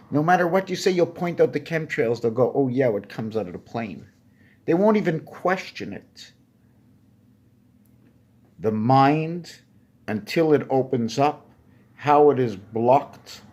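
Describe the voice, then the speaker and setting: A man talking alone in a rambling monologue, jumping between puns and asking himself questions as he goes. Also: mid-range voice. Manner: free-associating wordplay, questions to himself. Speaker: vlogger.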